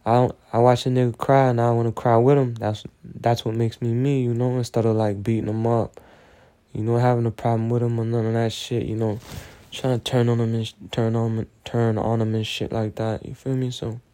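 A man rambles through a personal monologue, loose and full of slang. He sounds close to tears, and his voice is mellow and dark. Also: mid-range voice, little pitch movement, a little fast, smooth. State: on the verge of tears. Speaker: solo show host.

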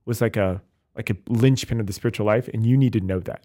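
A man, a Catholic priest, talking in a relaxed, animated chat full of fillers like "like" and "you know". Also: fairly low pitch. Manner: fast, animated, many fillers. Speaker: Catholic priest, podcast co-host. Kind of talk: casual chat.

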